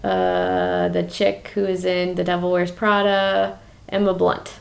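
A young woman co-hosts a movie podcast with a lively, bouncing voice that has a gravelly edge. She jokes and tosses off playful asides in casual chat. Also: lowish voice. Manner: playful, quick asides, giggly. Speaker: podcast co-host.

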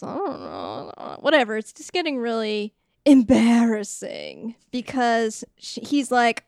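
A woman's voice: on the high side, slow, clear, resonant tone, no room sound, studio quality. A woman co-hosting a podcast, retelling a movie plot in a playful, giggly way. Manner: giggly, playful, acts out quotes. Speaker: podcast co-host.

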